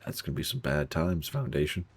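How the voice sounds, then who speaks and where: A man's voice: rumbling low, very animated, fairly quick, a little hiss or hum. A man streaming a game live, muttering through his looting and reacting to chat in casual commentary.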